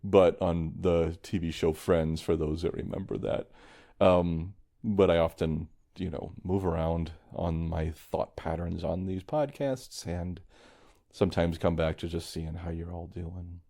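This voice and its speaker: Deep gravelly man. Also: fairly even intonation, measured pace. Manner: reflective, meandering, restarts often; quietly worried. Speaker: podcast host. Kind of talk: casual solo podcast monologue.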